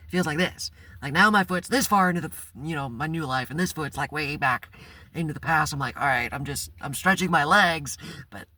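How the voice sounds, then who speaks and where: This channel host, a man with a fairly high, sharp-toned voice, shares a personal story vlog-style. He's frank and blunt, cursing without restraint, and the recording is dry.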